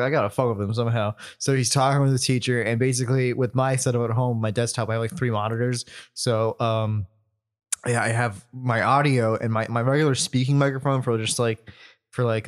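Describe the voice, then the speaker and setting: A young man co-hosting a casual podcast, laughing often, joking and swearing freely. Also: medium pitch. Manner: giggly, swears freely, jokey. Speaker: podcast co-host. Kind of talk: casual chat.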